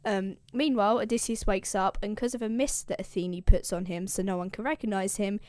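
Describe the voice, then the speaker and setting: A woman's voice: medium pitch, steady tone, fairly quick, few pauses, a little mellow, no room sound, studio quality. A young woman who hosts a show explaining the classics, retelling an epic in a casual, irreverent, slangy way.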